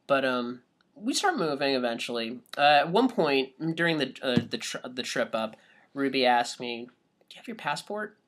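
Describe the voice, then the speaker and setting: A man co-hosting a podcast, telling a travel story in a casual, halting way with many fillers and restarts. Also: mid-range voice, lively intonation, a bit bright. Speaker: podcast co-host.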